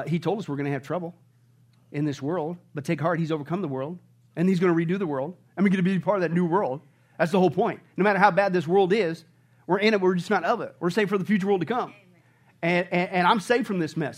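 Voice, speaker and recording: A male pastor preaching a sermon, animated, swinging between bursts of shouted excitement and hushed asides. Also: high-pitched.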